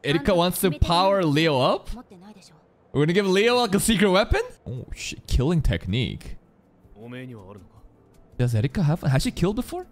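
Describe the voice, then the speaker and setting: A man reacts to an anime on a live stream, his voice leaping all over the place as he jokes, swears and laughs at what he sees. He talks straight at the characters in casual, unscripted commentary. Soft music plays faintly behind him. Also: high-pitched, normal speed, pauses often. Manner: excitable, swears often, laughs a lot, talks back at the screen.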